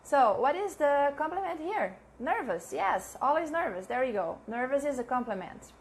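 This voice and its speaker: A woman teaching a live online English lesson, chatting with viewers and repeating example sentences slowly, with frequent laughs. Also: sits high, very animated, slight background noise. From Brazil.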